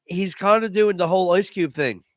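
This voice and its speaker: A man's voice: high-pitched, moderate pace, no echo, studio quality. Emphatic man arguing in podcast chat. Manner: emphatic, repeats words while arguing a point. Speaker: podcast host. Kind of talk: casual chat.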